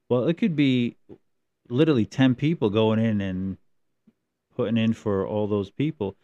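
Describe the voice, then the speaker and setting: Low, mellow-voiced man chatting casually. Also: dull audio. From New Jersey. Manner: rambling, animated storytelling with mimicked voices. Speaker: podcast co-host. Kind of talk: casual chat.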